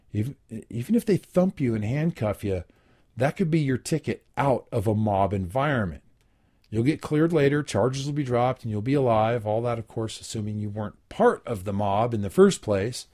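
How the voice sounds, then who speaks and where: A man with an ordinary, middle-pitched voice reads aloud from an article in a plain, unhurried way. He keeps stopping to add dry comments of his own, with plenty of "uh" and "um" along the way. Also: a little mellow. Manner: reads aloud and adds wry asides; plain, unhurried, frequent filler ums and uhs. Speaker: host. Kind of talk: casual spoken commentary reading from an article.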